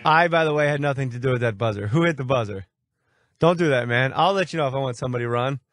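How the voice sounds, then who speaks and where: A man's voice: mid-range voice, fast. A man guest-hosting a sports talk radio show, brash and mocking as he fires insults back at a caller from the studio.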